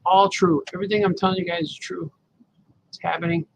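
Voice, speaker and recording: Brief: a man with a gravelly voice chatting loosely with his audience while he draws, a faint hiss behind him. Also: sits high, little pitch movement, fairly quick, rough recording. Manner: rambling, talks to the viewers as he works. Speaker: cartoonist livestreaming his drawing. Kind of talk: casual live commentary while drawing.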